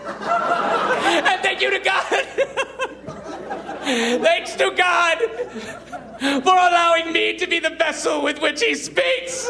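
Guy doing a high pompous weepy tv host, slow and hammy, loud crowd behind. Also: very animated, full character voice. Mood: gushing. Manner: slow, theatrical, over-emotive and self-important. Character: pompous weepy male TV interviewer, grandiose and self-adoring. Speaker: stand-up comedian. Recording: live club, loud crowd and noise.

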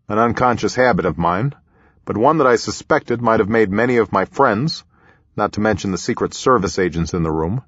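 A man reading his own memoir aloud in a measured, reflective storytelling manner, in a slightly muffled recording. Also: lowish voice, slightly rough, dry recording. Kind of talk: audiobook memoir narration.

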